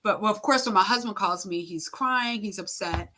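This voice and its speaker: A middle-aged woman, interviewed as a guest, tells an emotional personal story with hesitation, heavy filler words and acted-out quotes. Her mid-range voice has a sharp tone, and there is slight background noise.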